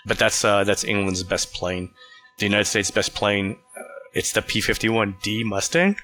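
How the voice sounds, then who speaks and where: A man hosting a casual talk show, explaining things in a relaxed way with fillers and restarts. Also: lowish voice, normal speed, faint music behind. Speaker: podcast host.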